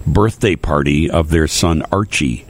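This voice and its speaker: Male radio host, very low voice, stop-start casual talk. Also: measured pace, slightly rough. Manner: hesitant, many uh fillers and restarts.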